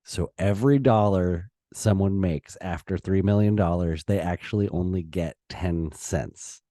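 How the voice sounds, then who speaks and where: A low-pitched man delivers a slow, impassioned opinion monologue, pausing and restarting as his feelings rise. His tone is mellow and dark, and the recording is close and dry. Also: no echo. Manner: impassioned, heated, with pauses and restarts. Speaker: political commentator.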